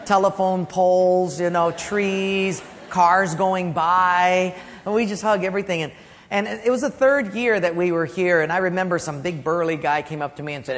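A man in his fifties preaching a storytelling sermon, dropping to a soft hush for key points. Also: high voice, steady tone, moderate pace. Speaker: pastor. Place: church sanctuary. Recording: long hall reverb.

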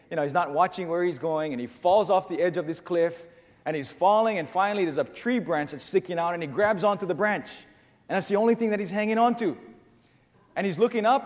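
Male pastor, earnest sermon delivery, fairly high voice, long church-hall reverb. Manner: earnest, storytelling preacher, rising to emphatic peaks.

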